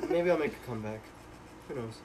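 Young guy with a lively, swinging voice. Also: medium pitch, moderate pace, slight background noise, rough recording. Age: young adult. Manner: joking, laughs often. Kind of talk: casual chat.

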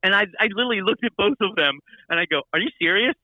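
A man telling a story in casual chat, animated and full of restarts and repeated words. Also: sits high, racing, dry recording, lo-fi sound.

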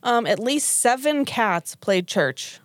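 A woman's voice: fairly high pitch, lively intonation, takes it slowly, dry recording. A woman, co-hosting a podcast in casual chat, laughing often and swearing freely. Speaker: podcast co-host.

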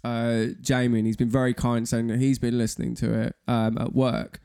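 A man's voice: mid-range voice, little pitch movement, normal speed, vocal fry, dark tone, clean tone. A man co-hosting a casual podcast chat, joking and self-deprecating. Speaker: podcast co-host.

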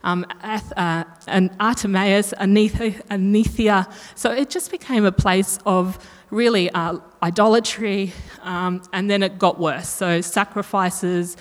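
A woman's voice: mid-range voice, steady tone, measured pace, few pauses. Chatty woman preaching in a reverberant hall. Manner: chatty, self-correcting, asks the room questions. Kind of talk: sermon.

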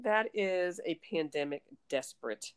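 A woman chatting casually as a podcast co-host, telling animated stories full of laughing asides. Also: fairly low pitch, a little slow. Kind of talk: casual chat.

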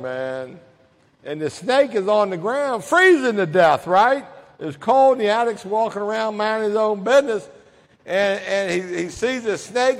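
A middle-aged man with a high-pitched voice talks bluntly and casually, spinning a cautionary story for a crowd. His words ring out with the long echo of a large hall. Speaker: recovery speaker. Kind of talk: prevention talk to an audience. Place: large hall, correctional facility. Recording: echoey hall.

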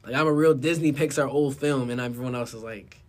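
A young man chatting casually, telling a story with frequent laughter, drifting between low mumbling and loud laughing bursts. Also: a little fast. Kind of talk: casual chat.

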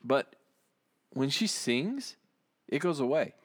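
A man co-hosts a podcast in relaxed, meandering talk. His pitch moves around a lot while staying mid-range. He sounds easygoing. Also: takes it slowly, no room sound, studio quality. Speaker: podcast co-host. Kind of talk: casual podcast chat.

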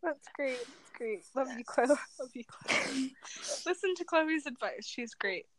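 Playful high-voiced young woman. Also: expressive, unhurried, background noise. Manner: playful, teasing, echoes words back. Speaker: podcast co-host. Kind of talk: casual playful chat.

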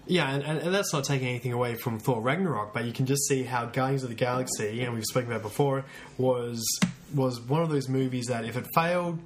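Talking fast in a mid-range voice, this podcast co-host is an animated storyteller who raises his voice to act out quotes during casual conversation. Slight hiss or hum can be heard.

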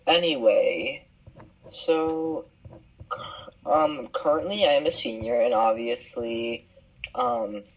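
A teenage boy co-hosting a casual podcast, speaking slowly and deliberately. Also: mid-range voice, muffled recording. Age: teens. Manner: slow and deliberate. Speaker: podcast co-host. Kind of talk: casual chat.

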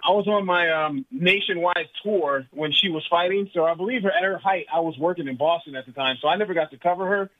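Man, high voice, teasing guest, muffled dull line. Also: fast, hardly any pauses, slight background noise. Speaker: TV sports reporter guest.

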